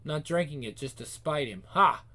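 A man's voice: fairly high pitch, lively intonation, normal speed, bright, forceful tone. A man voicing a proud, stubborn young woman muttering her thoughts in a sulky way. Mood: defiant.

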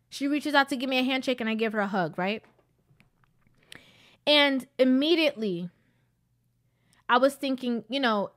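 A woman's voice: high-pitched, fairly bright tone. A woman telling a personal story in a casual, preachy way, repeating points for emphasis.

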